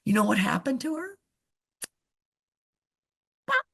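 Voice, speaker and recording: A middle-aged woman, a veterinarian guest, telling animated stories in casual chat and often laughing. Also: high-pitched, slow pace, vocal fry, slightly rough. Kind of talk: casual storytelling.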